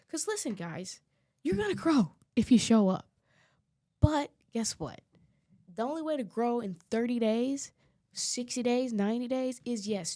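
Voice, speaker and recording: A woman hosting a podcast talks in a casual, emphatic way, leaning hard on her points. Her voice sits at an ordinary middle pitch and she keeps the energy lively. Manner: emphatic and animated, laughs often. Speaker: podcast host. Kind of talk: casual chat.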